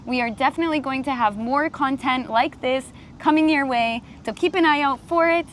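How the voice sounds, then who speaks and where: An American woman hosting a casual chat outdoors in a park, lively and chatty. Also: high voice, slight background noise. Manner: lively, chatty, quick questions. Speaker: host.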